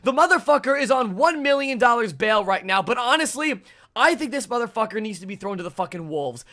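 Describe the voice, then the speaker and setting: Furious, bright-voiced young man ranting. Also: very high-pitched, big pitch swings, brisk. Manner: furious, profane, bursts into shouting. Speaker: gaming channel host. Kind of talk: angry ranting commentary.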